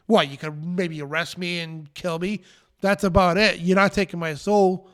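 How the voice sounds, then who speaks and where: A man's voice: sits high, flat delivery, normal speed, a bit bright. A man hosting a live show, preaching in an emphatic, defiant rant and repeating his phrases. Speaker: show host.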